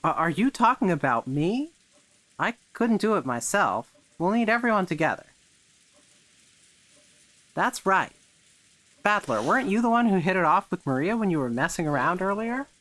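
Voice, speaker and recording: A man's voice: high voice, very animated, normal speed, pauses often, a bit bright. A man co-hosting a let's play of a visual novel. He reads characters' lines aloud and jokes casually with his co-host. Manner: joking banter, delivers character lines in a plain reading voice. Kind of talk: casual playthrough chat, reading character lines.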